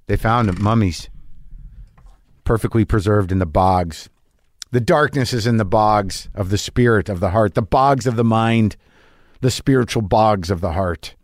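A man's voice: lowish voice, unhurried, no room sound. A man musing in a rambling casual monologue, often restarting his sentences and swearing now and then. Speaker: comedian.

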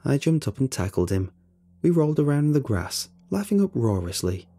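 Man, storyteller, husky mellow voice, lively pitch, expressive reading. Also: a little fast. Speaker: narrator. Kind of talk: scripted story narration.

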